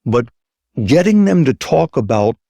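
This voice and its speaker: A man's voice: medium pitch, big pitch swings, measured pace, vocal fry, mellow, dry recording, clean studio sound. A man speaking as a plastic surgeon guest in an interview, emphatic and repeating his key points, acting out the voices of patients and doctors as he tells his stories. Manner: emphatic, acts out quoted patient and doctor talk. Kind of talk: conversational interview talk.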